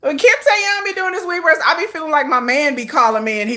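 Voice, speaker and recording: A woman's voice: high-pitched, fast, few pauses. A woman hosting a casual fan livestream, telling stories with lots of laughter and drama. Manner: animated, laughing, dramatic storytelling. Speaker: livestream host.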